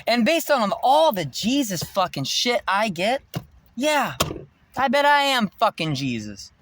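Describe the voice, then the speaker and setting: A man's voice: very high voice, very animated, unhurried, slight background noise. Agitated, profane man vlogging. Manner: agitated, profane, swings between loud and muttered. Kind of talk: rambling monologue to camera.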